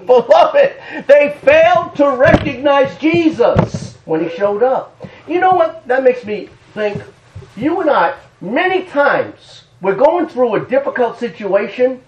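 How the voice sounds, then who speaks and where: Fervent high-voiced male preacher. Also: very animated, slow, lo-fi sound. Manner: fervent, emphatic, breaks into shouts and laughter. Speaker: pastor. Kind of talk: sermon.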